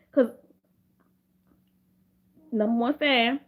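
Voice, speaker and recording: High-voiced profane woman vlogger. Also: expressive, brisk. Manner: profane, rambling, with lots of repeated restarts. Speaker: commentary vlogger. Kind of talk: casual drama commentary.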